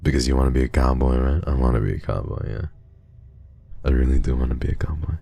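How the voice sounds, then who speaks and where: Very deep, gravelly-voiced male streamer. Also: fast talker, mellow, dry recording. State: unwell. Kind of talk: casual livestream chat reading donations.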